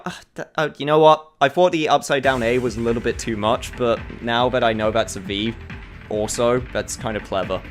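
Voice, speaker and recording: A man streaming a game demo, talking casually and excitedly as he plays. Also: soft background music. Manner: excitable, enthusiastic, quick shifts in pitch. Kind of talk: casual gameplay commentary.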